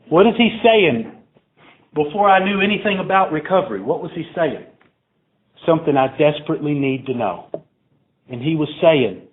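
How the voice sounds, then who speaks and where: A man speaking at a recovery meeting, telling a story to a crowd in a profane, digressive, conversational way. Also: medium pitch. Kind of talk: live storytelling talk to a crowd. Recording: tinny phone-like recording, faint hiss.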